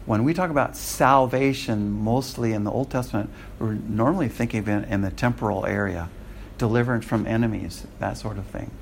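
A man's voice: lowish voice, brisk, gravelly, slight background noise. An American man lecturing a Bible class in a conversational way, often checking that his students follow. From United States. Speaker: Bible teacher.

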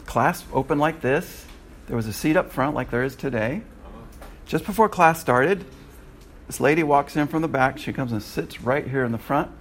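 Animated male preacher telling a story. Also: moderate pace, slight background noise. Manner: animated, acts out his own lines with sudden high leaps in pitch and laughter. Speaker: Bible college lecturer and missionary. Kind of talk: storytelling testimony to a class. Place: classroom.

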